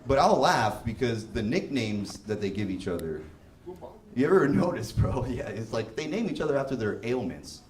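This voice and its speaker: A man's voice: medium pitch, very animated, normal speed. Young man, stand-up comic, loose profane delivery, roomy live room, background noise. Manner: casual, profane, loose and laughing. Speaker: stand-up comedian. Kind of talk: stand-up comedy set. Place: live comedy venue.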